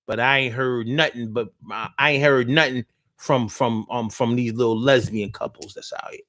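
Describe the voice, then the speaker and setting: A man's voice: mid-range voice, pushed and bright, no room sound, clean studio sound. Loose, profane male live-show host. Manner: loose, profane, slang-heavy ranting; teasing, talks straight to listeners. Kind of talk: casual live-stream talk.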